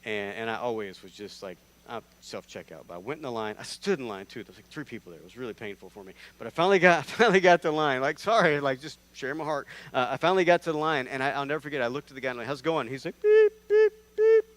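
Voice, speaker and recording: Guy preaching at church, chatty storyteller, pokes fun at himself, goes quiet then gets loud. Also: medium pitch, rapid-fire, hardly any pauses, dry recording. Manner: animated storytelling, acting out characters with big swings in loudness; self-deprecating, conversational asides. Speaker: guest preacher. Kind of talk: sermon. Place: church sanctuary.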